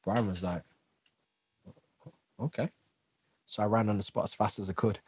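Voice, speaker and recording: Husky man telling animated stories. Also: lowish voice, normal speed, no echo. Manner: animated storyteller who acts out quotes and laughs often. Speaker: guest, dancer, singer and actor. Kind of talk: casual interview chat.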